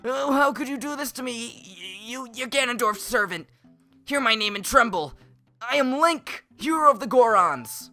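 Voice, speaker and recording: A man voicing an eager young male Goron rock-creature boy, reading game dialogue aloud in an excited, pleading, high and loud voice. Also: normal speed, faint music behind, heavily acted. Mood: indignant.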